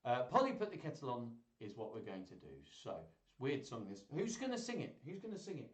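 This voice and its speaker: Brisk male children's host, bouncy sing-song delivery, slightly higher voice, roomy echo. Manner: chatty, animated and playful. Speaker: children's entertainer. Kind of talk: live-streamed kids' singalong chat.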